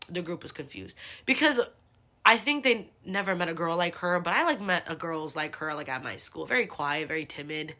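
A woman's voice: lowish voice, fairly quick, bright, forceful tone. A young woman from the San Francisco Bay Area, hosting a podcast and telling a rambling, profane story with a lot of "like". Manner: profane, rambling, heavy use of like. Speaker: podcast host. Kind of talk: casual storytelling.

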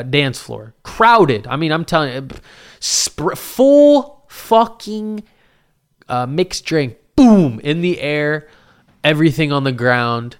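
A young man telling a bar story in casual chat, animated and full of swearing, acting out the voices of people he quotes. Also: a little high, clean tone.

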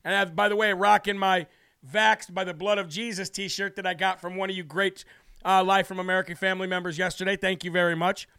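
A man hosting a live political talk show, brash and emphatic, hammering points with repetition and reading out viewer shout-outs. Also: high voice, flat delivery, brisk, creaky, smooth, no echo, studio quality. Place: New Hampshire studio.

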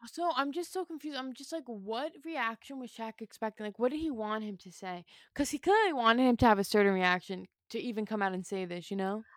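A woman co-hosting a casual sports talk show, expressive and rambling, with many fillers. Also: on the high side, a little fast, few pauses, dry recording, studio quality. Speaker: co-host.

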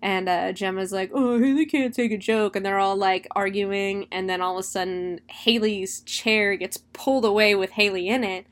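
A young woman casually recapping a horror film, chatty and animated, swearing freely. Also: mid-range voice, moderate pace, few pauses. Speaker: movie reviewer.

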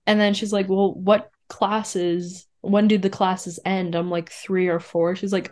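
A young woman co-hosting a casual podcast, chatty and quick to laugh. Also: medium pitch, flat delivery, darkish tone. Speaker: podcast co-host. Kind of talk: casual chat.

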